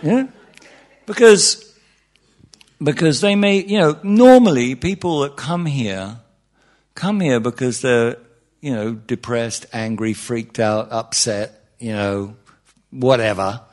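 Speaking slowly with a medium pitch, this man leads a meditation session before a roomful of people. The tone is casual and wry; he restarts sentences frequently and asks the listeners questions.

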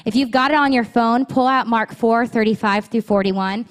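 In a church auditorium, a woman in her thirties preaches a sermon as pastor, speaking candidly and conversationally. Her voice is on the high side, at a normal speed.

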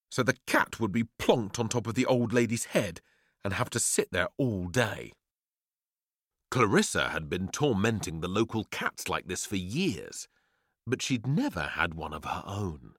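A man reading a children's story with a playful, theatrical flair. His voice sits a little low but leaps around constantly. The sound is dry and close. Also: a bit bright, no room sound. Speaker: narrator.

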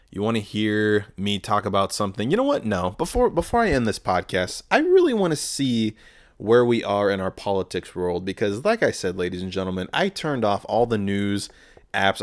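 A man hosting his own podcast alone, rambling casually and ranting sarcastically with lots of swearing. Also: lowish voice. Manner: profane, sarcastic ranting with frequent restarts. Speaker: podcast host.

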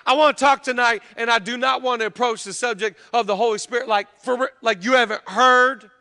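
A man in his thirties preaching a sermon, chatting with the crowd and building to loud preaching in a church. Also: extremely high pitch, steady tone, fast. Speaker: pastor. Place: large church hall. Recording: long hall reverb.

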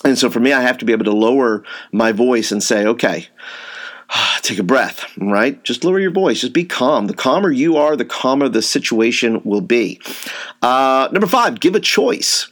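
A man's voice: medium pitch, expressive, moderate pace. Rambling male youth-work trainer. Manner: rambling, repeats words, lots of fillers; says he tends to raise his voice. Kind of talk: informal teaching talk.

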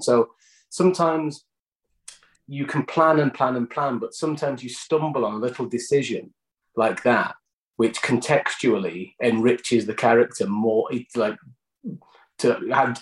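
A British man, an actor, answering interview questions thoughtfully, often restarting and repeating words mid-thought. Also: medium pitch. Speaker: actor guest. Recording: roomy echoey sound.

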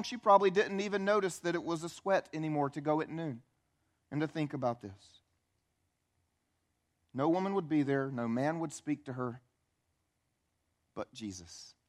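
A man preaching a sermon as a pastor, telling the story in an animated, conversational way, acting out quotes and asking the audience questions. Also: fairly high pitch.

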